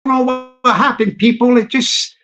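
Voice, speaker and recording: Slow man in a mock American accent. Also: very high voice, fairly even intonation, a bit bright. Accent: put-on American. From Scotland. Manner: repeats his phrases, jokey. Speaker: live streamer. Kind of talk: casual live-stream chat. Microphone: phone.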